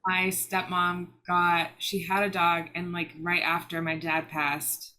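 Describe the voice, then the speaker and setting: A woman client speaking softly with brief, quiet answers. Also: on the low side, flat delivery, takes it slowly, a crowd in the background. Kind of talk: casual conversation.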